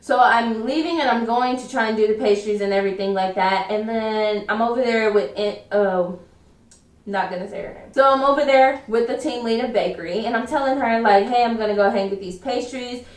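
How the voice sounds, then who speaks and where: A woman's voice: a little high, brisk. A woman telling a personal work story in a chatty vlog, full of "like" as she retells it. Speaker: vlogger. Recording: roomy, distant from mic.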